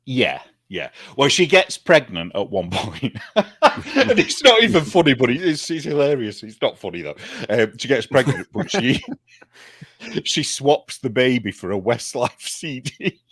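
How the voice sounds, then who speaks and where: A British man chatting as a guest, an animated storyteller who laughs often. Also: mid-range voice, a little slow, breathy edge, dry recording, clean studio sound. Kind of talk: casual chat.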